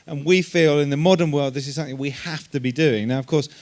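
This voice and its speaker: A man speaks on a conference panel in a slightly high voice. He explains in a calm, measured way, pausing now and then on a filler.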